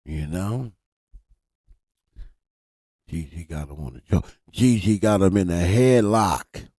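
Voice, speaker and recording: Low-pitched and slow, this live stream host talks to his chat in a casual, animated, swearing style. His desk mic gives a dry recording of studio quality.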